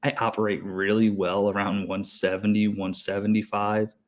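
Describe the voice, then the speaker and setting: A man's voice: on the low side, little pitch movement, normal speed. A man in his thirties, an HVAC technician co-hosting a podcast, telling a rambling story in a hyper, breathless way with lots of swearing. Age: 30s. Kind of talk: casual chat.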